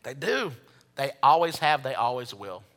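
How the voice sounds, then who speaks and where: Animated preacher in an echoing sanctuary. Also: male voice, medium pitch, moderate pace. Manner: animated preaching, swinging from quiet to loud; leads the congregation to repeat phrases. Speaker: pastor. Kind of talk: sermon. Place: church sanctuary. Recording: long reverb of a large hall.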